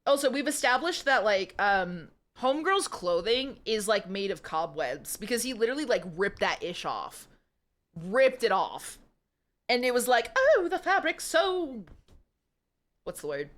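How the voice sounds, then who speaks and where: A woman's voice: mid-range voice, sing-song, normal speed, fairly bright tone. A woman streamer reading a story aloud and joking about it, giggly and self-mocking. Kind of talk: reading smut aloud with live commentary.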